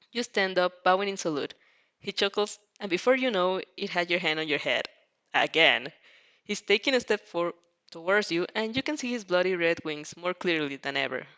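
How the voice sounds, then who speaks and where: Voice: mid-range voice, lively intonation, moderate pace, sharp tone. A fanfic reader narrating a story aloud in a casual way, often stumbling over words and breaking into laughter. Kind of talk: reading a fanfic aloud with reactions.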